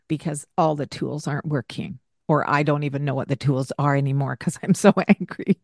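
An older woman hosting a parenting podcast, giving gentle coaching in a soft-spoken way and laughing often. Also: low-pitched, steady tone, moderate pace, no echo, clean studio sound.

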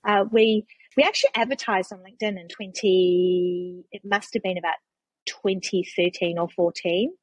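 Chatty New Zealand woman guest, husky low voice, dry close sound. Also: fairly even intonation, normal speed, dry recording, poor audio. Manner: chatty storyteller with frequent restarts and laughs. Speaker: guest, charity CEO. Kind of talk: casual conversational interview.

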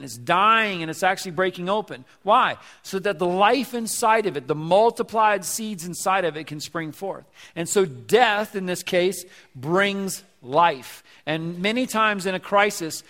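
A male pastor with a fairly high voice preaches in a casual, conversational way, stumbling over and repeating words and turning to the congregation with questions. His voice rings out with a long reverb, as in a church sanctuary. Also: fairly bright tone. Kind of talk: sermon.

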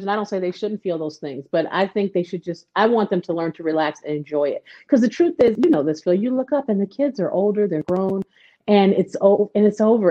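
A woman's voice: medium pitch, muffled recording. A woman guest, a mother, talking casually and acting out quotes as she tells stories about her children. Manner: animated storyteller, acts out quotes. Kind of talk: casual conversation.

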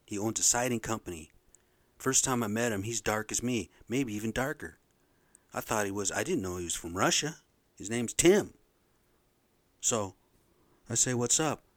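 A middle-aged man hosting a podcast, ranting in a blunt, profane, animated way. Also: fairly low pitch, moderate pace, long pauses, no echo. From Pacific Northwest of the US. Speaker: podcast host. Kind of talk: casual rant monologue.

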